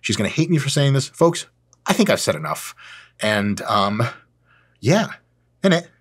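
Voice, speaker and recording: A middle-aged man hosting his own channel, announcing an event in a casual, deadpan joking monologue. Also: fairly low pitch, normal speed, slightly rough. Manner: deadpan joking, lively ups and downs, mock British voice at times. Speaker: channel host.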